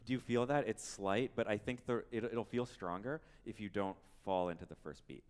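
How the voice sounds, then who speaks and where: In a piano showroom's recital space, a man leads a masterclass, humming and singing phrases to show how a passage should go while gently encouraging the student. His lowish voice is smooth, at normal speed, in a roomy hall with piano playing.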